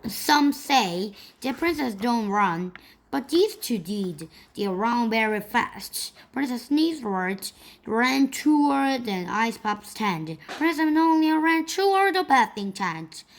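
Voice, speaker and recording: A woman reads a children's storybook aloud in a slow, careful way. Her voice sits somewhat high. She keeps a relaxed, deliberate pace through the narration. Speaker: storybook reader.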